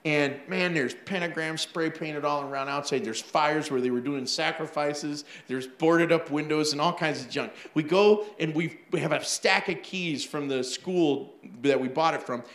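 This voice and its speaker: Animated pastor preaching in an echoey hall. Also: male voice, a little high. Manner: animated storytelling with laughs and acted-out asides. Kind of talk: sermon.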